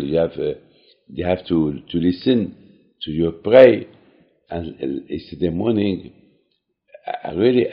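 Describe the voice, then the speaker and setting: A man giving an earnest short talk to a congregation, repeating his phrases and restarting halting sentences. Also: sits low. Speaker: cantor and speaker. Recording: dull lo-fi recording.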